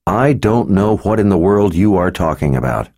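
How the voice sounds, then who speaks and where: A man's voice: sits low, animated, moderate pace, warm tone. A man voicing a fierce, loyal young woman protector who speaks angrily and in clipped words, in an audiobook. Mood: angry. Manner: angry, clipped.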